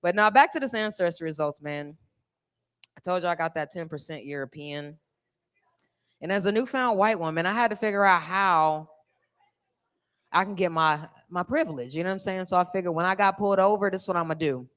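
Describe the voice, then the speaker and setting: A woman's voice: on the low side, brisk, fairly bright tone, smooth. Brash middle-aged stand-up woman, bawdy crowd-teasing delivery, live on a stage mic. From California. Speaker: stand-up comedian.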